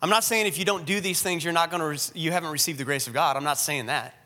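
Bright-voiced pastor in a reverberant hall. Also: male voice, fairly high pitch, fast talker. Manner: earnest, emphatic, repeats phrases for emphasis. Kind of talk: sermon. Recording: echoey hall with long reverb.

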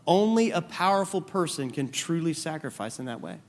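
A man's voice: a little high, very animated, a little fast, few pauses. A man preaching a sermon on marriage, earnest, often repeating words as he builds a point. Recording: long reverb of a large hall.

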